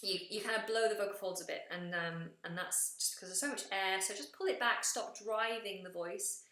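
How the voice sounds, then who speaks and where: A woman's voice: mid-range voice, moderate pace, pushed and bright. A woman coaching singing during a live feedback session, explaining technique and sometimes breaking into sung demonstrations. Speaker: vocal coach. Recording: roomy echo.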